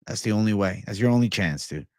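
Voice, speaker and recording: Young dude on a livestream, swears a lot, gets hyped, dry close sound. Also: male voice, fairly low pitch, fast talker, dry recording. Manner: profane, excitable, laid-back bro talk. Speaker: MMA livestream host. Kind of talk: casual livestream chat reading comments.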